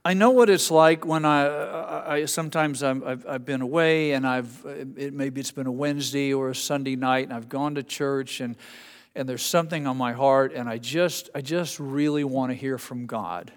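A man's voice: medium pitch, moderate pace, in a large hall. A middle-aged male pastor giving a sermon in a church, conversational and self-deprecating, often restarting his sentences. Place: church sanctuary. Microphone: amplified microphone.

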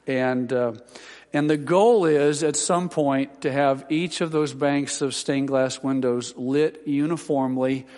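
Slow and a little mellow, with medium pitch and fairly even intonation, a Baptist pastor rambles through folksy announcements for his congregation, peppering them with fillers and dry jokes. The long reverb of a church hall fills the large sanctuary.

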